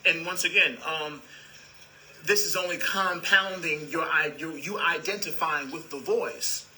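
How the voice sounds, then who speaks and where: Bright-voiced man giving a spiritual talk. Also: a little high, unhurried, low-quality recording. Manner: calm, repetitive, addresses listeners as "beloved". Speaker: spiritual teacher.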